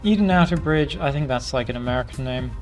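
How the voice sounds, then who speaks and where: A man's voice: medium pitch, fast talker, faint music behind. A man giving casual gameplay commentary, self-mocking and rambling, his voice tired. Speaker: gaming video creator.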